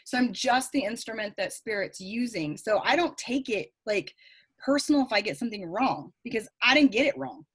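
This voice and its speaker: Animated Southern woman telling stories. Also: fairly high pitch, normal speed, slightly rough. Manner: animated, acts out quoted voices. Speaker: psychic medium guest. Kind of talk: casual storytelling interview.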